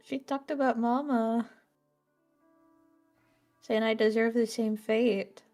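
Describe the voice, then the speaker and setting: A woman playing in a casual tabletop role-play game, playful and quick to laugh. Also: on the high side, steady tone, darkish tone, soft background music. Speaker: player.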